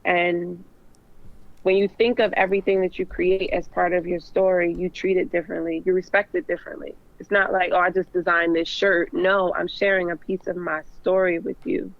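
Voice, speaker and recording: A woman's voice: fairly low pitch, flat delivery, moderate pace, gravelly, no echo. Earnest woman guest on a dull, dry call line. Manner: earnest and heartfelt, with many "like"s and "um"s. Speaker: fashion designer guest. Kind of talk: casual interview chat. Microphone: remote call.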